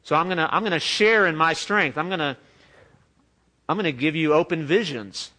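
A man's voice: a little high, moderate pace, sharp tone. A man giving a sermon as pastor in a church, talking conversationally and joking with the congregation.

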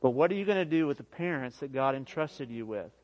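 A man in his thirties preaching a sermon as pastor, emphatic, swinging from near shouts to quiet, often asking "guess what". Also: mid-range voice, lively intonation, quick pace, dull audio. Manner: emphatic preaching, rising to near shouts then dropping soft; repeats "guess what" and laughs at his own jokes.

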